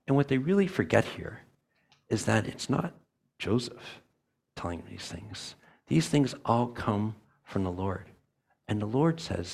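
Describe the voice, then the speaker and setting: A male church elder delivering a sermon with a gravelly, husky voice. He sits low in pitch and preaches earnestly, driving points home with repetition and acted-out quotes. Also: sing-song, a little slow, darkish tone.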